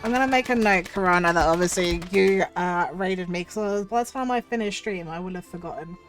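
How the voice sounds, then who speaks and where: A woman streamer with a cold, her voice husky, chatting effusively with viewers. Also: lowish voice, brisk, faint music behind. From United Kingdom. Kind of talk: casual livestream chat.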